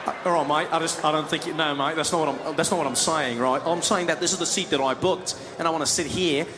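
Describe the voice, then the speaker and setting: A man's voice: fairly high pitch, fairly even intonation, quick pace, heavy background noise, lightly acted. A comedian acting out a stubborn, hesitant Australian man with an Australian accent who stammers and keeps saying mate. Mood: insistent. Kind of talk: stand-up comedy act-out.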